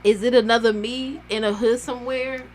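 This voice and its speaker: A woman co-hosting a casual movie review podcast, talking lively and laughing easily. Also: on the high side, brisk, slight background noise.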